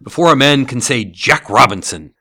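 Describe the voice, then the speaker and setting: A man voicing a fat, jovial old merchant who calls out in a rich, hearty, booming voice. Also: wildly swooping pitch, unhurried, dry recording, studio quality, full character voice.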